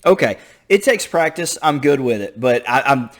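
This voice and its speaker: A man hosting a reaction video, excitable and self-deprecating while trying to sing bass. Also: normal speed. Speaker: video host reacting to a lesson. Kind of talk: casual reaction commentary.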